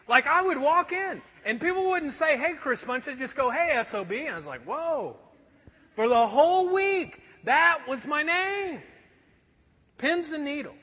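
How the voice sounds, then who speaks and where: A pastor, a man, preaching with a strikingly high, animated voice that swings widely in pitch. His tone is husky and slightly breathy. The sound is dull and carries a long hall echo, as if picked up from a distance. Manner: animated storytelling, acts out a shouting boss. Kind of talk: sermon. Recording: dull echoey hall from far off.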